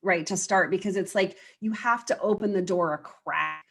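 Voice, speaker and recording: A woman's voice: medium pitch, normal speed, vocal fry, fairly bright tone. A woman life coach, speaking earnestly in a casual interview and often quoting her clients. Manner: earnest, explains with quoted client voices.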